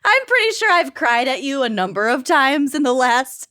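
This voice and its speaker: A woman's voice: sits high, sing-song, normal speed, bright, forceful tone. A woman co-hosting a podcast in casual chat, joking dryly and laughing often. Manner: dry joking, frequent laughter. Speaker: podcast co-host.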